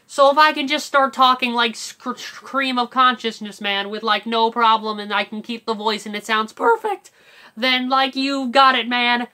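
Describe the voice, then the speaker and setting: A man doing a cartoon voice impression of a lanky, easygoing, cowardly young man who is always hungry, with a raspy, breathy throat voice that drawls "like" and "man". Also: very high voice, moderate pace, bright, forceful tone, pitched above the performer's own voice, full character voice. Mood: laid-back. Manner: drawling "like" and "man", breaking into wheezy laughs.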